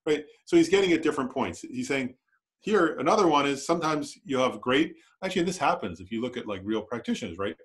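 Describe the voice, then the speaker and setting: A man's voice: mid-range voice, lively intonation, fast. Chatty male Buddhist teacher. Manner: conversational, lots of "right?" and "like". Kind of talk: dharma class lecture. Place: meditation center.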